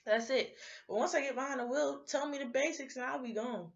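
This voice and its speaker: A young adult woman vlogger in a rambling, animated casual rant, sounding sleepy. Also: a little high, brisk, highs cut off.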